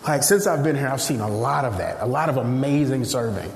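A man from Nigeria, preaching a sermon in an animated storytelling way and acting out voices. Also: mid-range voice, fairly quick, gravelly, a little hiss or hum. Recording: echoey hall, faint ambience.

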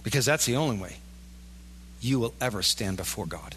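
With a lowish, fairly bright, animated voice at a moderate pace, a male pastor preaches in a casual, conversational style, voicing what his listeners might be thinking. There's long hall reverb and a little hiss or hum on the recording.

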